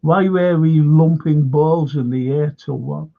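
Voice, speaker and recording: A gravelly, fairly high-pitched man hosts a live fan show at a measured pace. Calling out viewers by name, he drives his points with emphatic repetition and swearing. The audio comes through dull and lo-fi.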